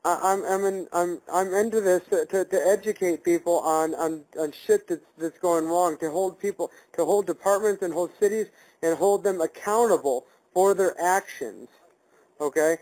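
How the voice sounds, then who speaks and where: A man on a call to a live stream, ranting with heat and tripping over his own words as he repeats himself. His voice sits a little high for a man. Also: normal speed, darkish tone, rough recording. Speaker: caller, auditor. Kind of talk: angry phone call.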